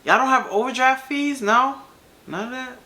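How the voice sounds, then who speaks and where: A woman's voice: sits high, normal speed, sharp tone. A woman hosting a reaction video, talking casually in slang, laughing often and speaking straight to the person in the clip.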